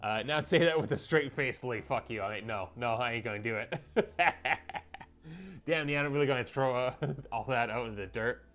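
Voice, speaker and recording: A man's voice: mid-range voice, moderate pace, a bit bright. A young man livestreaming as he paints miniatures, rambling and joking with his chat.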